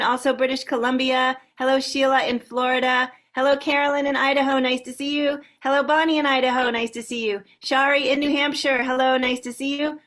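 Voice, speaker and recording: A woman hosting a sing-along on a video call, warmly greeting many participants by name. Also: sits high. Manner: warm, upbeat greetings to a long list of participants. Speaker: host. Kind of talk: casual welcome on a video call.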